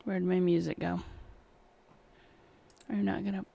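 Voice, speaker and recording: A woman's voice: lowish voice, little pitch movement, unhurried, gravelly, mellow. A woman hosting a livestream, chatting casually and wryly with her viewers about an old film. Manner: chatty, wry, talks back to chat. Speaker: livestream host. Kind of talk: casual chat while watching a film.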